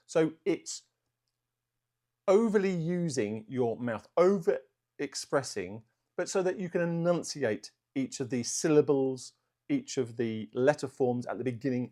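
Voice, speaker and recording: A man speaks off the cuff to camera for his art channel's vlog, indoors in a room at home. Self-aware, he works at slowing down and choosing his words, but fillers still slip through. His voice is mid-range and darkish.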